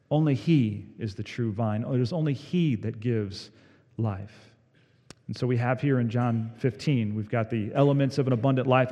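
A male pastor delivers a sermon with a mid-range voice, stressing key phrases and then letting his voice fall quiet. The sound carries a long reverb, as in a church sanctuary. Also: lo-fi sound. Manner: emphatic, swelling on key words then dropping low.

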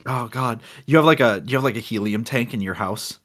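A young man from Florida co-hosting a podcast in casual chat, excitable, with loud bursts of laughter and stumbling restarts. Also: medium pitch, fairly quick. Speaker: podcast co-host. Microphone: home computer mic on a call.

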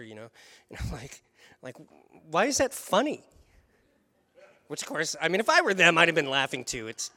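During his sermon, a pastor recounts a personal anecdote in a lively way, chuckling now and then. His voice sits on the high side.

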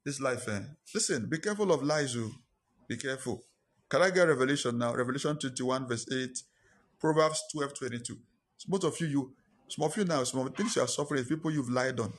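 A man's voice: medium pitch, brisk, breathy edge. A man preaching a sermon, telling a personal story and repeating his lines for emphasis.

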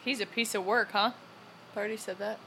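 A woman co-hosting a podcast, ranting in casual chat with loud exclamations. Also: mid-range voice, steady tone, fast, creaky, slight background noise, poor audio. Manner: ranting, exclamatory, laughing between outbursts. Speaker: podcast co-host.

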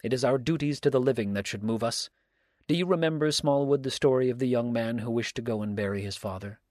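A man reading aloud, voicing a stern, upright countryman who speaks in a measured, severe way. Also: mid-range voice, darkish tone, no room sound, studio quality, natural voice.

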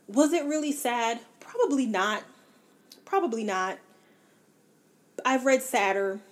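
A young woman vlogging about books in a casual, candid and blunt way, with animated, self-deprecating asides. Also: medium pitch. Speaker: book vlogger. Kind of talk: casual book review chat.

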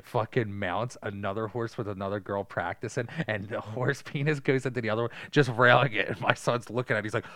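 A man's voice: lowish voice, fairly quick, few pauses, dry recording. Dry-sounding man swearing through a story. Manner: profane, animated storyteller who acts out quotes loudly. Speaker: podcast co-host. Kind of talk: casual movie chat.

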